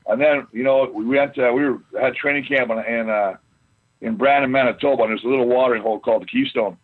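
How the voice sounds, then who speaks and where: A man's voice: mid-range voice, steady tone, quick pace, phone-quality sound. A middle-aged man, a former pro football lineman, telling boisterous stories in casual chat and swearing freely. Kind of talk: casual storytelling.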